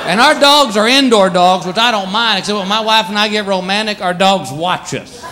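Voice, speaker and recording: A man doing a stand-up comedy routine in front of a live audience, animated, jumping into silly voices. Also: moderate pace. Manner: animated, jumps into silly high voices for pets. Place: comedy stage before a laughing audience. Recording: live club with loud crowd laughter and noise.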